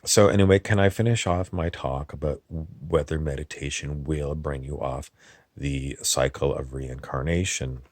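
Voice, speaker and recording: A man with a very low voice talks in a rambling comic monologue. He meanders, halts and wanders off topic. The recording is close and dry, with no room sound. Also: steady tone, dry recording. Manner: meandering, halting, drifts off topic. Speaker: comedy channel host in character.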